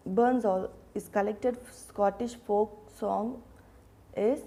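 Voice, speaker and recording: Speaking at medium pitch with fairly even intonation and a dark tone, this teacher leads a literature lesson. She poses questions and answers them herself, moving slowly and frequently repeating names and restarting phrases.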